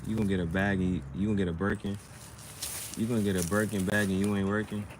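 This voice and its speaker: Low-voiced man rhyming off the cuff. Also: level tone, fast, noisy background. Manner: loose, slangy, playful rhymes. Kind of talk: casual rhyming monologue.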